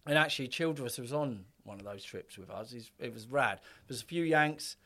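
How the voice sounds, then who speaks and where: A man in his fifties chats loosely as a podcast guest. He rambles, swears freely and acts out what people said to him. His voice sits at an ordinary middle pitch. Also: lively intonation, normal speed, fairly bright tone. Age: 50s. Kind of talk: casual chat.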